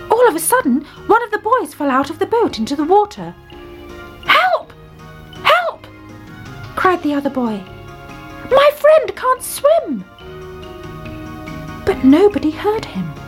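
Brief: woman narrator for a children's story, high and very lively, faint music behind.

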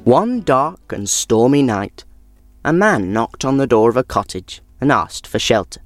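A storyteller reading a folk tale aloud in an expressive manner. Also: mid-range voice, a little slow, no echo, clean studio sound, soft background music. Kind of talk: children's story narration.

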